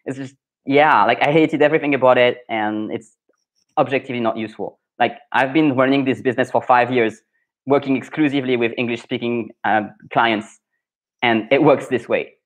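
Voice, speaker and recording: A man's voice: medium pitch, steady tone, fairly quick, highs cut off. A young adult man with a French accent, a French pronunciation coach chatting through a live Q&A lesson, thinking aloud with many fillers and restarts.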